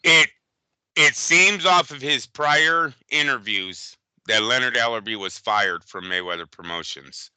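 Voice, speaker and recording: A man co-hosting a boxing podcast in casual chat, animated and profane, often slipping into quick impressions. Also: medium pitch, smooth, no echo, low-quality recording. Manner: animated, profane, impersonates fighters. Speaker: boxing show co-host.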